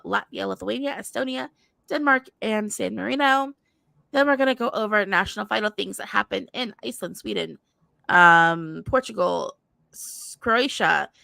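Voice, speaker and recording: A woman's voice: medium pitch, creaky, pushed and bright, dry recording, clean studio sound. A woman co-hosting a casual livestream chat, rambling and chatty, often apologizing and laughing. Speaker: livestream co-host.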